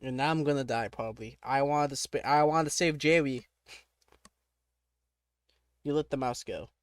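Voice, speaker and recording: A man's mid-range voice, at a moderate pace and with no room sound, reads aloud from a text adventure he's playing. He reacts casually, laughing often and interrupting himself with startled exclamations.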